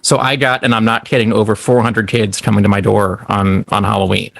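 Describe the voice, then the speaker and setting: Gravelly easygoing man on a call. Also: on the low side, level tone, fairly quick, no room sound. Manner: easygoing, talkative storyteller. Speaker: podcast co-host. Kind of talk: casual chat. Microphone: video call.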